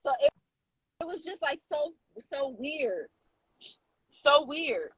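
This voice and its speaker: A woman co-hosting a casual podcast, telling a story in an animated way with lots of fillers and restarts. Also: high-pitched, takes it slowly, no echo, rough recording. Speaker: co-host.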